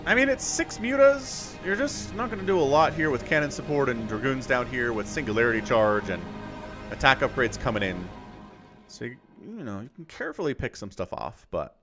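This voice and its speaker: A man casually casting a strategy game on a live stream, chatty and quick to laugh. His voice sits in a middle pitch. Background music runs steadily behind him. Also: expressive. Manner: chatty, laughs often, talks to chat. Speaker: game caster, channel host.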